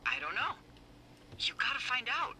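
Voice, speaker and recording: A wry, teasing lookout supervisor banters over a walkie-talkie in a video game. Her delivery is playful and sarcastic, swinging widely up and down in pitch. Loud game noise sits under her voice. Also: sing-song, normal speed. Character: wry teasing woman lookout boss on the radio.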